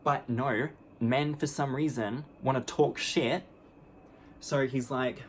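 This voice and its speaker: A woman's voice: rumbling low, fairly even intonation, slow, slight background noise. A young adult woman telling a story on her vlog, candid, blunt and sarcastic, mocking the people in it with put-on voices. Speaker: vlogger.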